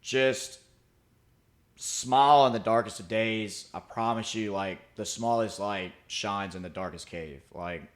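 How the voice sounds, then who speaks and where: A man's voice: fairly low pitch, a little slow. A young man co-hosting a podcast, chatting casually in a laid-back, rambling way full of "like" and "dude". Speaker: podcast co-host. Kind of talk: casual chat.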